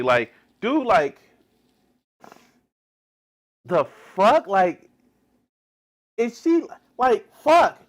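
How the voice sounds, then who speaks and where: A man's voice: high-pitched, huge pitch swings, very slow, long pauses. Guy streaming live and reacting, swears a ton, voice jumps all over, keeps restarting sentences. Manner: exasperated, swears heavily, rambling restarts. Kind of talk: profane reaction commentary.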